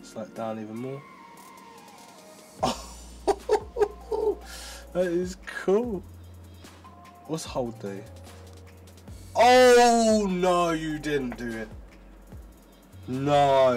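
A man's voice: medium pitch, takes it slowly, pauses often. Male tech reviewer, chatty, mid-range voice, easily amazed, faint background music. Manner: excitable, chatty, thinks aloud. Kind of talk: casual product demo.

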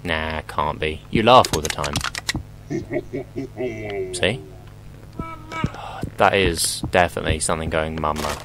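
A man's voice: rumbling low, unhurried, pauses often, noisy background. A young man commentating his horror gameplay, rambling and joking, swearing often and talking back to the game.

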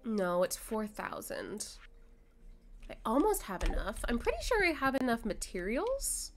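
Chatty young woman streamer, lively pitch. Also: unhurried, slight background noise. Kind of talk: casual gameplay chat. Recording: faint game music behind.

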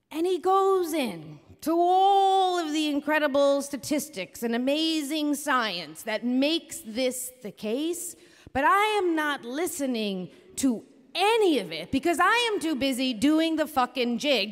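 A woman hosting a live storytelling show and telling a story on stage into a microphone, in an animated, comic, blunt and profane way. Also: sits high, a little slow. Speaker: storyteller and host. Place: theater stage before a live audience. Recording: reverberant live theater hall.

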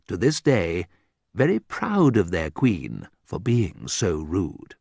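A man narrates a humorous book in a low voice that swings widely in pitch, leaning into the wry jokes. He takes his time over every line. The recording is close and dry, with no room sound. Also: huge pitch swings, creaky, a little mellow, husky, dry recording. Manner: wry, slow, deliberate storytelling that jumps high for quoted remarks. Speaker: audiobook narrator. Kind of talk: scripted reading of a graded reader.

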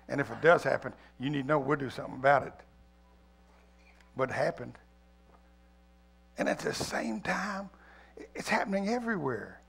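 A man preaching an Easter sermon as pastor, swinging from loud appeals to quiet pleading. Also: on the high side, expressive, fairly quick, creaky, husky. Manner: preaching, rising loud then dropping to a hush; reads a poem aloud with feeling. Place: church sanctuary.

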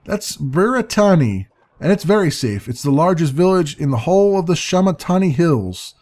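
A man voicing a tiny, cheeky male winged sprite with a shrill, squeaky voice. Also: big pitch swings, normal speed, darkish tone. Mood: chirpy. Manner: cheeky, impatient.

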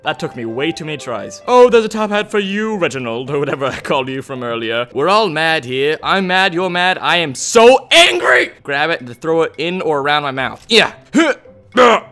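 Young male gaming host, excitable and silly, bright tone, light music under. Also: fairly high pitch, brisk, hardly any pauses. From United States. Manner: goofy and excitable, yelling in mock frustration. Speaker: gaming YouTuber. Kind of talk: comedic let's play commentary.

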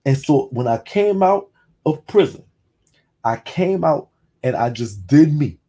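A man's voice: on the high side, big pitch swings, unhurried, warm tone, husky. A man with a Louisiana accent hosting a casual call-in talk, telling a personal story loosely, with many restarts and blunt cursing. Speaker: host.

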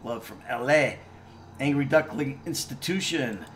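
A man's voice: medium pitch, measured pace. A middle-aged man casually chatting while playing a video game on stream, reading viewer comments and joking around. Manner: laid-back, chatty, laughs and swears freely. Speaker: actor streaming a game playthrough.

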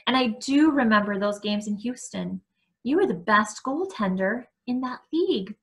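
A woman reading as a gentle apologetic mother. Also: fairly high pitch, expressive, normal speed. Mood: pleading. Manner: soft, pleading, affectionate.

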